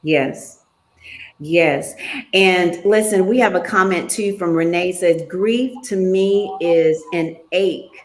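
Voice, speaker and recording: A woman's voice: fairly low pitch, takes it slowly. A woman hosting a talk show, chatting in an affirming, conversational way. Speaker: show host.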